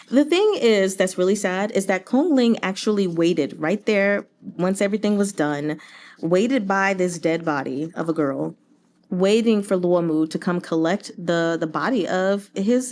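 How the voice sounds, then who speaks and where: A young woman chatting casually about a novel she is reading along, animated and sarcastic, with jokey voices for the characters. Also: mid-range voice. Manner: animated, sarcastic asides and silly put-on voices. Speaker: book reviewer reading along.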